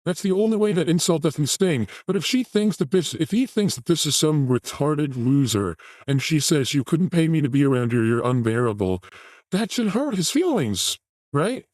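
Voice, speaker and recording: A man's voice: a little high, sing-song, normal speed, a little mellow, no room sound, studio quality. A man hosting a show, commenting on a video clip in a mocking, crude rant. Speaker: host reacting to a video clip.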